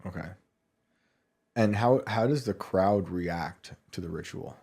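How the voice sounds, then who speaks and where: A man hosting a podcast, chatting casually and laughing as he fires off quick follow-up questions. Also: deep voice, creaky, darkish tone, slightly rough. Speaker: podcast host. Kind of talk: casual interview chat.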